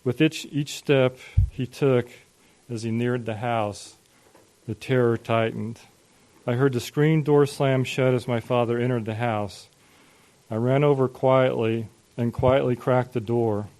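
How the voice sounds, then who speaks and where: Slow, dramatic male preacher narrating. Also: mid-range voice, fairly even intonation, darkish tone. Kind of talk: sermon storytelling.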